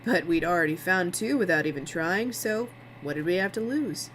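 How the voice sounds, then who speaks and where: A woman's voice: fairly low pitch, animated, moderate pace, a bit bright, slight background noise, poor audio. A woman voicing a smug male TV producer, sarcastic and needling.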